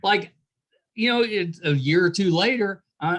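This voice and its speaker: A man's voice: sits high, moderate pace, a bit bright. A middle-aged man hosting a podcast interview, easygoing and jokey in casual chat. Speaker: podcast host.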